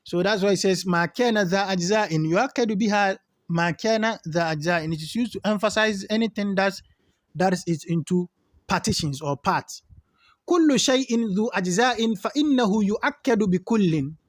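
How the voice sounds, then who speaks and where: High-voiced man teaching grammar. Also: no room sound, clean studio sound. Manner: explains Arabic terms in English, repeats examples slowly. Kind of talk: classroom lesson.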